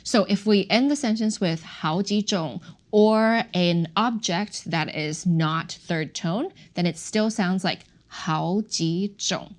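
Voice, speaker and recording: A woman teaches a Chinese language lesson on a podcast, slowly and carefully modeling the tones with lively pitch swings.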